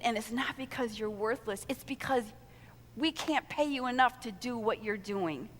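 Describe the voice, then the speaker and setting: An older woman with a fairly high voice speaks to a room of volunteers with inspirational warmth in her stories. She tells them in a lively way, acting out the lines of the people in them. Her voice rings with the long reverb of a large hall. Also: slight background noise. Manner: lively storytelling with acted-out quotes. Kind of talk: inspirational conference talk.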